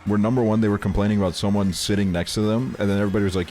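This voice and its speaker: A young man with a deep, low voice chats casually on a live stream, joking and swearing as he rants. Faint music plays quietly behind him. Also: fairly even intonation, racing, hardly any pauses. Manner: profane, exasperated, joking. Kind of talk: casual chat.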